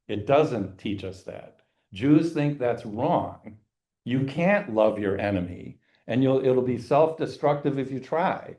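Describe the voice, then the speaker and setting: A man leads an adult forum class in a church, speaking at a medium pitch. He talks conversationally but with emphasis, often checking in with "right?" as he goes. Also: darkish tone. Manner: conversational, emphatic, asks rhetorical questions. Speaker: forum teacher. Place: church meeting room.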